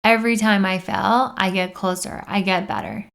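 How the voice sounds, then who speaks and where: A woman's voice: medium pitch, fairly even intonation, normal speed, vocal fry, fairly bright tone. A woman hosting a self-help podcast, talking casually and earnestly as she coaches listeners through example affirmations. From United States. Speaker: podcast host.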